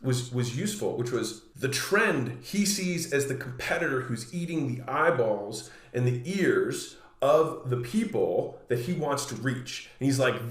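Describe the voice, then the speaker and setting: A man in his thirties hosting a podcast, talking in a relaxed, chatty way full of "like" as he retells a conversation. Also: medium pitch. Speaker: podcast host. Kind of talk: casual solo monologue. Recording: roomy echoey room.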